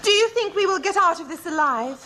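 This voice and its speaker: A woman's voice: very high voice, animated, a little fast. An actress playing a melodramatic young woman in an amateur stage romance, with an overwrought delivery. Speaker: actress in rehearsal. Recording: noisy old television sitcom recording.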